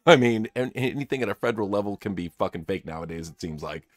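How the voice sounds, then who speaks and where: A man's voice: lowish voice, lively intonation, fast talker, dry recording. A man hosting a casual podcast, talking in a blunt, opinionated and profane way. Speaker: podcast host.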